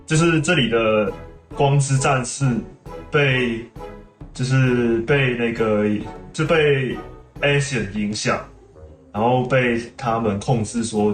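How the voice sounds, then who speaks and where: A man streaming a game, chatting casually and explaining things at length. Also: medium pitch. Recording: roomy room with game music.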